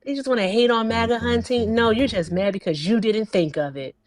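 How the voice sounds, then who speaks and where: A woman's voice: on the high side, brisk, a crowd in the background. A woman co-hosting a casual livestream, upbeat and chatty. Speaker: livestream co-host.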